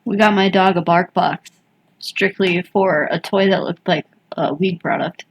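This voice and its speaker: A woman's voice: fairly low pitch, fairly even intonation, a little slow, slight background noise. A young woman co-hosting a casual podcast, laid-back, swearing freely and laughing often. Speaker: podcast co-host.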